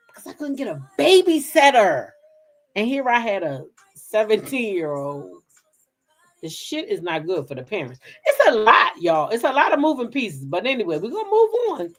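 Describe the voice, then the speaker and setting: A woman's voice: a little high, wildly swooping pitch, normal speed. A middle-aged woman hosting a gossip channel, chatting frankly with her viewers in a casual live stream, reading their comments and swearing freely.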